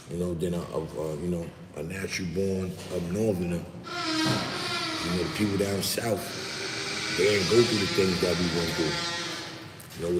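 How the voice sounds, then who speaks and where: A man from New York with a New York accent, casually chatting on a livestream in loose street slang and reading out viewer comments. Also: low-pitched. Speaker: livestream host. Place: outdoors in the city, rain starting. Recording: roomy echo with long reverb, faint background noise.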